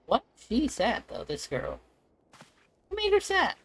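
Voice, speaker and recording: A woman's voice: high-pitched, wildly swooping pitch, a little slow, a bit bright, low-quality recording. A woman streamer reacting chattily to a game during a live stream. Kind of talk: live gaming stream commentary.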